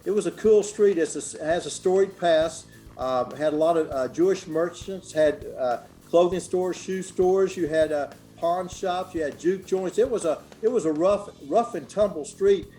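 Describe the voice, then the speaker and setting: Older man, folksy chatty guest, mellow voice, soft music behind. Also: high voice, moderate pace. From Memphis, Tennessee. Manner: folksy, chatty, many fillers and restarts. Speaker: guest clothier. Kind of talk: casual storytelling interview.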